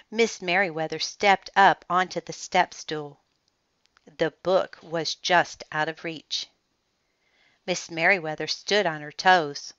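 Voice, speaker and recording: A woman reading a children's picture book aloud in an expressive, deliberate storytelling manner. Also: on the low side, clean tone, no room sound. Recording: dull lo-fi, dry sound.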